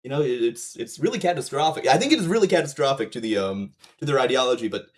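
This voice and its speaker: A man's voice: mid-range voice, expressive, fast. A man streams live and reacts to a video, talking loosely and profanely. He rambles through fillers and false starts in a mid-range voice. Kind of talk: casual livestream commentary.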